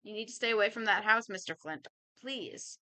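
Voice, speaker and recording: A woman's voice: medium pitch, normal speed, pushed and bright, lightly acted. A woman voicing a polite, anxious young husband who speaks formally and apologetically.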